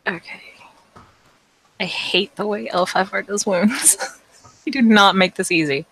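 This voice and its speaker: A woman's voice: medium pitch, animated, a little slow, a bit bright, slightly rough, low-quality recording. A woman playing in a tabletop game, chatting casually and interrupting herself as she describes her character. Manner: chatty, self-interrupting, laughs easily. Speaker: player.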